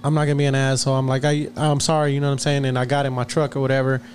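A man's voice: medium pitch, completely flat delivery, rapid-fire, darkish tone, a little hiss or hum. A man co-hosting a podcast, telling a rambling story in casual chat, laughing a lot and restarting his sentences. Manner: rambling, laughs often, many fillers and restarts. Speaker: podcast co-host.

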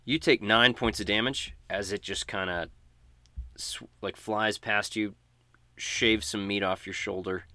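Low-voiced man running a tabletop game. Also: fairly even intonation, unhurried, pushed and bright, no room sound. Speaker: game master.

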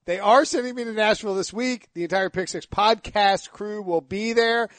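A man with an Eastern North Carolina accent hosting a casual sports podcast, rambling and self-deprecating with quick asides. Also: sits high, fairly bright tone, no echo. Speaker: podcast host.

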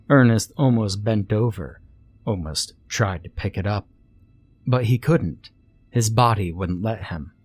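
Male narrator for a scary story: slow, deliberate, ominous read, low pitch, soft music underneath. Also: husky. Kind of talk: scripted horror story narration. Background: faint music.

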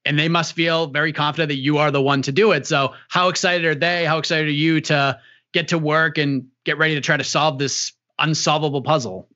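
Man interviewer, rambling questions, crisp tense tone, lo-fi sound. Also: on the high side, steady tone, fairly quick, pushed and bright. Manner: chatty, long rambling questions.

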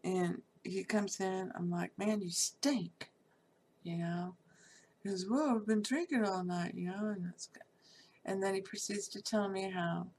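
A middle-aged woman with a drawl tells a personal story in a relaxed, unscripted way. Her voice has a gravelly rasp at mid pitch, and she speaks bluntly, peppering her account with fillers. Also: a little hiss or hum. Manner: candid and salty, with frequent fillers and laughs. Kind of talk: personal life story told casually.

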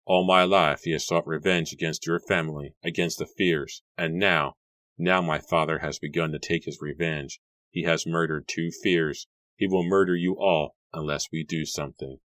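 A man's voice: rumbling low, fairly even intonation, moderate pace, a bit bright, no echo, clean studio sound. A man reading aloud and voicing an earnest young man, speaking with grave intensity. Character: earnest young man seeking to end a feud.

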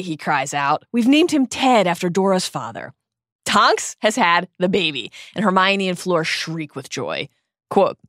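A woman's voice: low-pitched, no echo, clean studio sound. A woman co-hosting a podcast, reading a scripted book recap in an earnest, emotive way. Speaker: podcast co-host.

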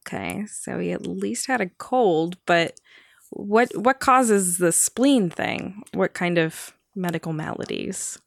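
A woman's voice: fairly low pitch, animated, slow pace, gravelly, no echo. Playful joking woman co-host. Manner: joking, playful, frequent laughs. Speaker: podcast co-host. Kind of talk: casual chat.

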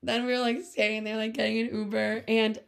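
A woman's voice: a little high, flat delivery, brisk, creaky. A woman in her twenties co-hosting a podcast, telling a story in casual chat full of fillers. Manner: chatty storytelling, many "like" fillers, laughs often. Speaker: podcast co-host.

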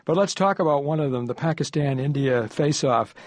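A male news analyst speaks thoughtfully and conversationally, pausing with small hesitations. His voice sounds close and dry, with no room around it. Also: fairly high pitch, a little mellow, no echo.

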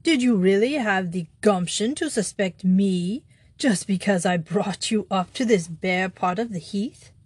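A woman's voice: medium pitch, a little slow, darkish tone, husky, dry recording. A woman voicing an intense, menacing male master thief, a grand outlaw. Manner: intense, challenging.

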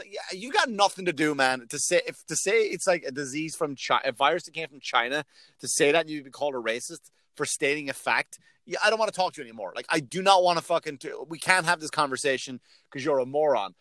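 A man with a fairly high voice rants in a casual, profane chat, acting out loud outbursts as he tells stories. The sound is close and dry, with no room echo. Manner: animated, swearing, loud acted outbursts.

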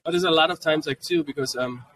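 Animated German-accented man telling stories. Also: on the high side, fast. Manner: animated, jumps into quoted voices of his kids. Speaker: podcast guest. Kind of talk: casual storytelling. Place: convention podcast booth. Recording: voice a bit distant from the mic.

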